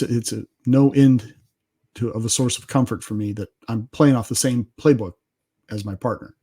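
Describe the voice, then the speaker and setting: A man's voice: mid-range voice, dark tone. A middle-aged man, a podcast guest, telling self-deprecating family stories in a casual interview, often laughing as he talks.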